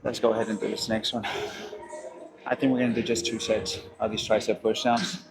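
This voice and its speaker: A man talking casually to viewers while working out in a gym, swearing freely and pausing between sets to catch his breath. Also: fairly low pitch, little pitch movement, poor audio. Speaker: fitness vlogger. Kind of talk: casual gym vlog commentary. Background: music.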